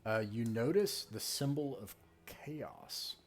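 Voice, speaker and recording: A man's voice: medium pitch, slow pace. A man narrating casually as game master of a tabletop game. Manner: relaxed, casual narration with fillers.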